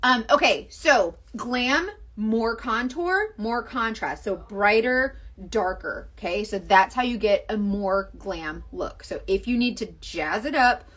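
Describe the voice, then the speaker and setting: Young Southern woman, makeup livestream host, bubbly and rambling, voice on the higher side with lively swings. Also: takes it slowly, hardly any pauses. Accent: Southern American. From American South. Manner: chatty, gushing, rambling with many fillers. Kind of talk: casual livestream chat and makeup demo.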